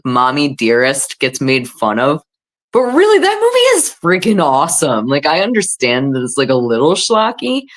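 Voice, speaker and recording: Woman, livestream host, casual chat, self-deprecating, lots of fillers, lively pitch swings. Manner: animated, self-deprecating, chatty with many fillers.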